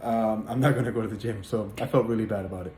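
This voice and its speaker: A man sharing a personal religious testimony in casual spoken storytelling, earnest and halting, with many fillers and repeated words. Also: fairly low pitch, dark tone. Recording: echoey room with faint background noise.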